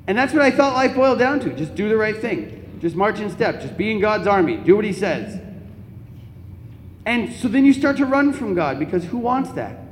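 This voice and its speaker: A young man giving a Catholic talk to an audience, telling comic personal stories in an animated, joking way. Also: high voice, normal speed, a little hiss or hum. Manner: animated, comic storytelling with laughs. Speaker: Catholic speaker. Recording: echoey hall, faint ambience.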